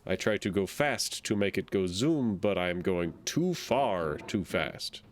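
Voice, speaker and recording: A man's voice: deep voice, animated, unhurried. A man streaming a game, rambling casually and playfully and making silly sound effects between thoughts. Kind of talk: casual gameplay commentary.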